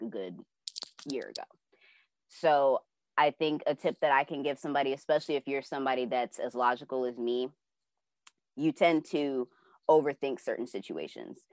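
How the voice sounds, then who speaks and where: Speaking in a bass voice on a dry recording, a young woman from a class recounts a dream she had. She's casual and animated, playing out her reactions and leaning heavily on fillers.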